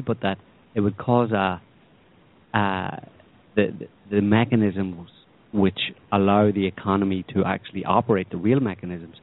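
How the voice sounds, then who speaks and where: A man co-hosting a podcast, ranting sardonically about politics and the economy, rambling with many restarts. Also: lowish voice. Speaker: podcast co-host. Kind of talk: opinionated political chat. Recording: tinny phone-like sound.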